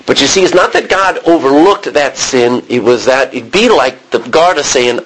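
Man, American accent, husky voice, conversational sermon, restarts, throat-clearing. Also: mid-range voice, expressive, moderate pace, low-quality recording. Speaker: preacher. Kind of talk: Bible teaching sermon.

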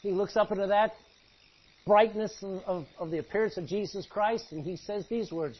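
A man preaching a sermon, acting out Bible characters and swinging between hushed and loud delivery. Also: high voice, lively intonation, moderate pace, dull audio, a little hiss or hum. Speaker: pastor.

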